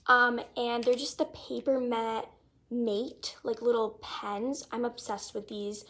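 A woman's voice: fairly high pitch, flat delivery, takes it slowly, a bit bright. A teenage girl chatting casually in a haul video, gushing over her things and filling her talk with "like.". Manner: gushing, chatty, lots of "like" fillers. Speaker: vlogger.

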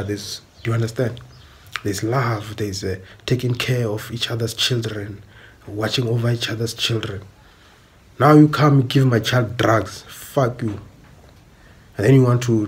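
A man's voice: fairly low pitch, slight background noise. A South African man ranting bluntly on a stream, repeating himself and swearing. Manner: blunt, repetitive, swearing, emphatic. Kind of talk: angry ranting monologue.

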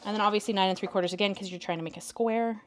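A woman's voice: mid-range voice, fairly even intonation, rapid-fire, a little hiss or hum. A young woman from Canada hosting a crafting live stream, chatting casually with viewers and her cat while she works. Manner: chatty, indecisive, talks to chat and her cat. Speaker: craft video host.

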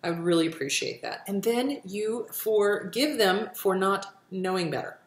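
A woman's voice: mid-range voice, moderate pace, roomy sound. A woman hosting a question-and-answer show, answering viewer questions with blunt, profane, emphatic advice. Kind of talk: casual advice talk.

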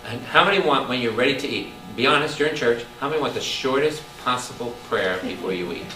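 A man, a Catholic priest, teaching a lively Bible study, firing questions at his listeners and breaking into loud exclamations. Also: mid-range voice, fast talker, faint music behind. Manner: animated, quizzes the audience with constant questions, bursts into loud exclamations. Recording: echoey room, distant mic, audible background noise.

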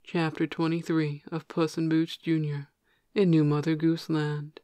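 Flat-voiced storybook reader. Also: mid-range voice, unhurried, dry recording, studio quality. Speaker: audiobook reader. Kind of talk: storybook narration.

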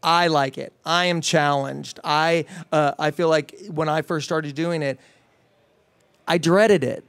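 A middle-aged man as the guest in a casual interview, talking with animated enthusiasm and many fillers and restarts. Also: fairly high pitch, slow, clear, resonant tone, no echo. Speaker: fitness trainer guest.

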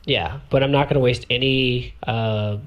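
A man's voice: medium pitch, fairly even intonation, moderate pace, lo-fi sound. A man thinking aloud as he walks through a tabletop game turn, counting squares and correcting himself as he goes. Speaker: tabletop miniatures player walking through a turn. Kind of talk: thinking aloud while demonstrating game moves.

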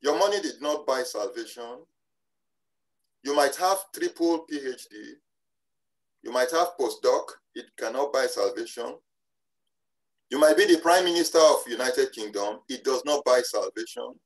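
A preacher giving a sermon at a church service, speaking emphatically and slowing down on key phrases, often repeating and restarting words. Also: mid-range voice, animated, rough recording.

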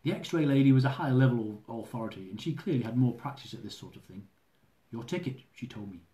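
A man reading his own humorous travel memoir aloud, lively and dramatic, with comic swearing. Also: mid-range voice, fast talker. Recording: roomy echo.

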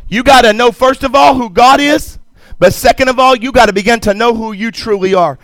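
A man's voice: very high-pitched, a little fast, fairly bright tone, no room sound. A man preaching a sermon, emphatic, repeating phrases and calling out to the congregation. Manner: emphatic preaching with repetition and call-and-response asides. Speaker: pastor. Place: church sanctuary.

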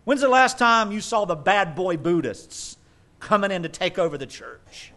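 A man preaching a sermon as pastor, emphatic and conversational, with quick asides. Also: sits high, sing-song, sharp tone.

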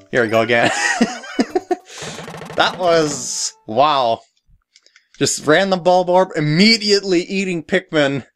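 A woman's voice: deep voice, measured pace, soft background music. A woman hosting a let's play, giving giggly, self-mocking commentary as she plays. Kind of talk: gameplay commentary.

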